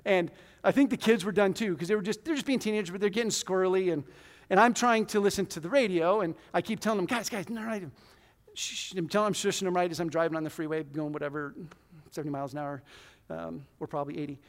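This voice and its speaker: A man in his forties preaching a conversational, self-deprecating sermon in a church hall, with sudden loud bursts. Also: high-pitched, fairly even intonation, quick pace. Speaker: pastor.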